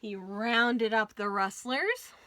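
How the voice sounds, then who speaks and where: A woman librarian reading a Western picture book aloud at storytime, with expressive, folksy storytelling. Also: a little high, slow pace, dry recording. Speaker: children's librarian.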